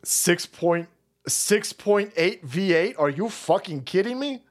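Man, streamer, crude profane rant, mocking, animated pitch. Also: slow pace. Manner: crude, mocking, laughs often. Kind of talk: profane ranting commentary.

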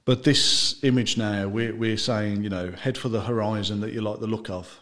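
A man's voice: fairly low pitch, steady tone, normal speed, a bit bright. A man talking casually about his gin brand in an interview, chatty and loose, often trailing off mid-sentence. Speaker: gin brand founder, guest.

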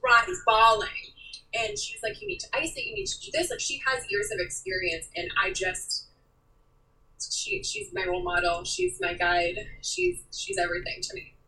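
A young woman speaking as an interview guest, animated and emotional, acting out quoted lines as she talks. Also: very high-pitched, moderate pace, recorded from a distance, low-quality recording. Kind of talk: candid interview talk.

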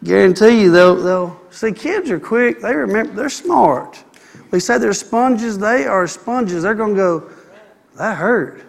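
A man preaching a sermon, animated and acting out the people he quotes. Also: sits high, unhurried, creaky, big-room sound. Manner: animated, acts out quoted people, calls for amen.

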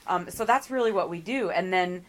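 A woman's voice: lowish voice, normal speed, fairly bright tone. A middle-aged woman speaking as an interview guest, telling her story earnestly with frequent ums and restarts.

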